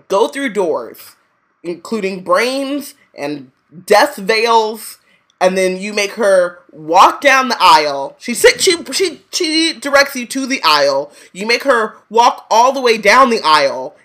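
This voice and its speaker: A woman co-hosting a podcast, ranting casually with profanity and a quick laugh. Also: mid-range voice, fairly bright tone. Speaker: podcast co-host. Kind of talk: casual chat.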